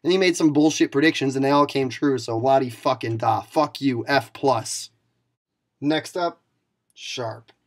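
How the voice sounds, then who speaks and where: A man's voice: medium pitch, unhurried. A young man in a profane, mock-angry comedic rant to camera, playing a league commissioner who insults his fellow video makers with sarcasm.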